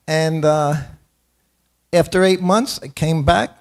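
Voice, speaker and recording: A man's voice: a little high, very slow. An older man in his seventies speaks in a slightly raised voice as he leads a morning temple class. He tells personal stories in a self-deprecating way and often breaks into chuckles. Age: 70s. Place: temple hall.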